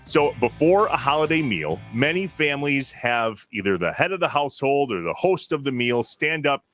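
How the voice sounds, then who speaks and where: A man's voice: medium pitch, very animated, normal speed, fairly bright tone, soft background music. A man hosting a podcast, steering the talk with dry, wry remarks. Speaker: podcast host.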